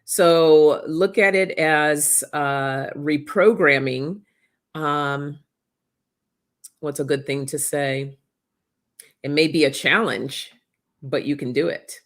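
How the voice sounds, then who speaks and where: A woman hosting a casual chat, speaking in a warm, affirming way and reading out comments from viewers. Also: low-pitched, slow, long pauses. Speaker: host.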